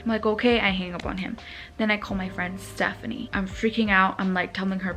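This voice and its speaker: A woman's voice: mid-range voice, steady tone, brisk, fairly bright tone, soft background music. A young woman vlogging from the floor of her home, retelling a frightening experience with many fillers. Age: young adult. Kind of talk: storytime vlog.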